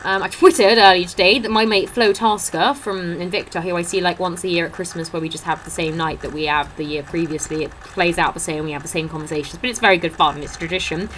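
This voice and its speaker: A woman's voice: fairly low pitch, fairly even intonation, fast, few pauses, noisy background. A young woman chatting into her laptop webcam at home, telling funny stories and acting out what others said. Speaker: vlogger. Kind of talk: casual chat. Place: indoors at a table at home.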